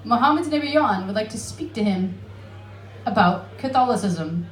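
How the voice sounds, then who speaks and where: At a medium pitch with lively intonation and a normal speed, this woman's voice echoes around the room. She's from Alaska, speaks with an American accent, and performs profane, self-mocking stand-up on an Amsterdam comedy club stage, brash and full of laughing asides.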